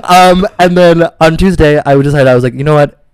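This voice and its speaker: A man recovering from a cold tells a story on a podcast in a dramatic, campy way. His voice sits slightly high. The recording is dry and close to the mic. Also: a little fast, smooth, no echo. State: recovering from illness. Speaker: podcast co-host. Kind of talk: casual chat.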